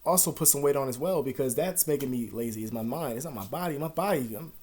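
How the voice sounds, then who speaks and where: A young man talking casually to the camera at home, rambling and swearing, his voice sinking to a mutter and then jumping up loud. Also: mid-range voice, fast talker, slightly rough. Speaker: vlogger. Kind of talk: casual confessional talk to camera.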